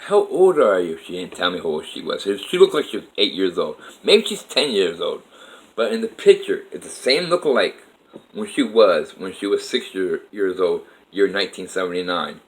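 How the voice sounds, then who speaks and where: A man's voice: deep voice, very animated, moderate pace, rough recording. A man telling a personal life story to camera in a rambling, emotional way, with frequent restarts.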